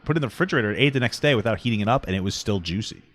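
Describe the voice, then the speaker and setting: A man's voice: fairly low pitch, racing. A man co-hosting a podcast, chatting casually and sarcastically while reacting to a clip. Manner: animated, sarcastic, joking. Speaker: podcast co-host.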